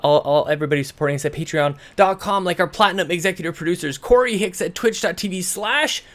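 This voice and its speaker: Recording at home in British Columbia, this podcast host has a high, somewhat bright voice and talks fast. His intro is casual and chatty, full of rambling and self-corrections, and he seems slightly winded.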